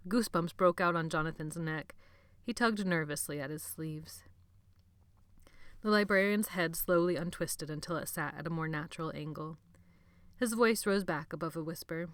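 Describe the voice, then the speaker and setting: A woman reading a novel aloud as narrator, at a slow, measured pace. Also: low voice, a bit bright, clear, resonant tone, no room sound. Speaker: audiobook narrator. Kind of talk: scripted narration.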